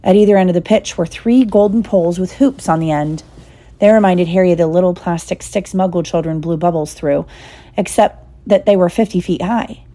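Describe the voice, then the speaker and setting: A woman narrating a storybook aloud in a steady, unhurried reading. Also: fairly low pitch. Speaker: audiobook reader.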